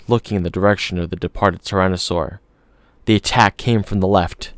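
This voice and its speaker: A man narrating an audiobook in a steady, measured reading. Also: lowish voice, dry recording, clean studio sound.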